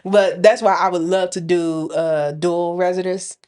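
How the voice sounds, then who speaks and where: A woman's voice: fairly low pitch, steady tone, a little slow, darkish tone. Frank, chatty woman podcast co-host. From Indianapolis area. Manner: frank, colloquial, laughs while telling stories. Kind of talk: casual chat.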